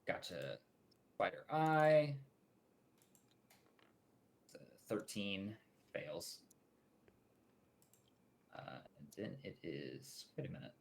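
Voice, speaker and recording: A man with a lowish voice narrates a tabletop game as dungeon master in an easy, casual way. He reads out dice results and describes the action. A faint hiss of noise sits behind him. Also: big pitch swings, extremely slow, pauses often.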